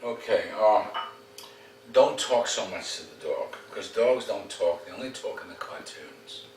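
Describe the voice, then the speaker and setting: A man's voice: fairly low pitch, measured pace, a little mellow. A man working as a dog trainer, coaching owners at home in a direct, demanding, joking way. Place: home, indoors. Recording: roomy, distant, faint background noise.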